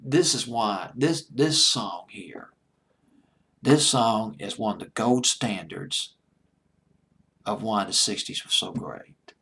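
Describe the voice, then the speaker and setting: A man hosting a music show late at night, talking eagerly and rambling, sometimes dropping to a hushed near-whisper. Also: lowish voice, takes it slowly, gravelly, husky. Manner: enthusiastic, rambling, drops to a hushed near-whisper when gushing. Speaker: deejay host.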